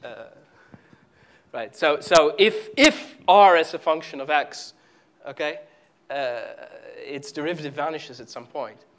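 A man giving a live math lecture at a board, talking haltingly with many fillers and restarts. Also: fairly high pitch, a bit bright, slight background noise. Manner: halting, full of fillers and restarts while writing. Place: lecture hall.

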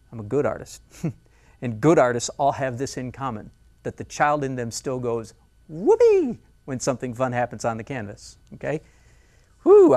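Middle-aged guy teaching painting, lively and jokey, pokes fun at himself. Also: mid-range voice. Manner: animated, self-mocking, breaks into laughs and playful squeals. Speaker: art instructor. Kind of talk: painting demonstration lesson.

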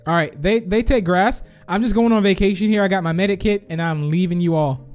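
A young man hosting a gaming video, chatting and reacting quickly with frequent laughs. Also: high-pitched, clean tone, faint music behind. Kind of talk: excited gameplay commentary.

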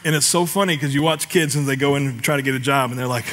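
Preacher, middle-aged man, bright higher voice, jokey, builds to shouting. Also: racing, few pauses. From United States. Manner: animated, jokey, shouts scripture cries. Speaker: pastor. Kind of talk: sermon.

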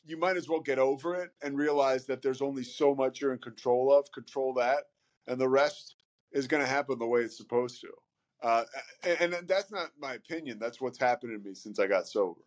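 A man's voice: medium pitch, fairly quick. A man speaking as a podcast guest in casual conversation, candid and rambling, with many fillers and some swearing.

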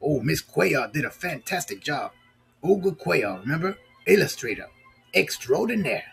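Gravelly, playful storyteller man. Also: fairly high pitch, big pitch swings, normal speed, fairly bright tone, soft background music. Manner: playful, chatty, asks kids questions. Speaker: storyteller reading to children. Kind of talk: storybook read-aloud with asides.

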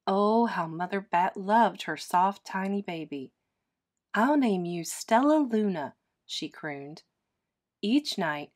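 A woman teacher reading a children's picture book aloud in a gentle, expressive storytelling manner. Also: medium pitch.

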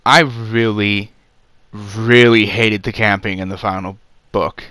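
Guy rambling thru a movie review, kinda low smooth voice, sarcastic, lots of ums, dry sound. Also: fairly even intonation, slow, sharp tone, dry recording. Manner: sarcastic, rambling, many fillers. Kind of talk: casual off-the-cuff review.

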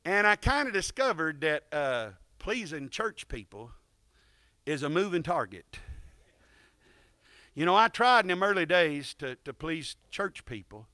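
A man's voice: on the high side, sing-song, unhurried, pushed and bright, dry recording, studio quality. A man playing guitar at a church service, telling a folksy, joking testimony and leading the congregation in call-and-response, speaking into a stand microphone. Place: church sanctuary, in front of a congregation.

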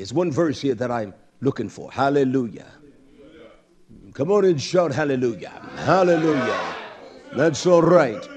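A man preaching a sermon, quoting and expounding scripture, swinging from shouted high exclamations to low murmurs. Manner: quotes and expounds scripture, drawn-out emphatic words.

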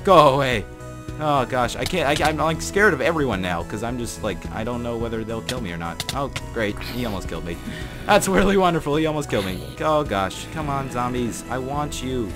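A young man narrating his own gameplay, chatty and excitable, jumping from mumbles to panicked shouts. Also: mid-range voice, brisk, over music. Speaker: gaming channel host. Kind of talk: gameplay commentary.

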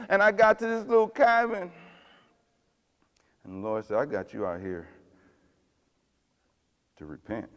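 A fiery male pastor preaching. His voice sits a little higher than most men's and rings out with long reverb through a large church hall. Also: wildly swooping pitch, unhurried, long pauses. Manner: swings between loud fiery preaching and hushed tender whispers. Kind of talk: sermon.

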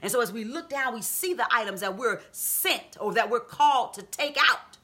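A woman preaching a sermon, reading scripture and explaining it, then rising to high, emphatic calls to her listeners. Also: normal speed, sharp tone. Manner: reads scripture and explains it conversationally. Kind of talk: sermon on a live video stream.

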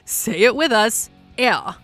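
A woman's voice: mid-range voice, sing-song, normal speed. A woman narrates a countdown in an upbeat, playful scripted read. Her mid-range voice moves up and down with plenty of life. Faint music plays beneath her. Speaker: countdown host.

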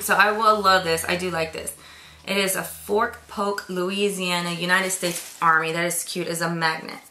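In her swap box unboxing vlog, this woman chats casually, gushing over items, gasping a lot and now and then whispering. She speaks in a mid-range voice, recorded with roomy acoustics and background noise.

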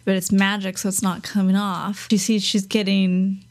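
Brief: female co-host, mid-pitched, playful narrating. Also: little pitch movement, normal speed. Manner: playful, chiming in. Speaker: podcast co-host. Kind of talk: casual storytelling.

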